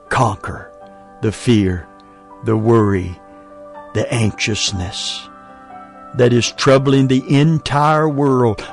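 Slow, emphatic male preacher. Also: medium pitch. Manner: slow, emphatic preaching with short broken phrases. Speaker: preacher and show host. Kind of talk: sermon.

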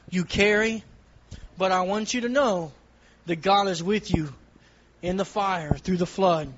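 Man, high voice, earnest testimony, repetitive preaching rhythm, dull lo-fi sound. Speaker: church member giving testimony from the pulpit. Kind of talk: sermon testimony.

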